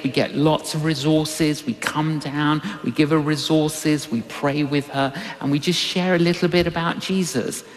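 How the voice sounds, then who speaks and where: An older man preaching a sermon, telling a personal story and acting out the voices of people in it. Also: a little high. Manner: animated storytelling, acts out voices in quotes. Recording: long reverb of a large hall.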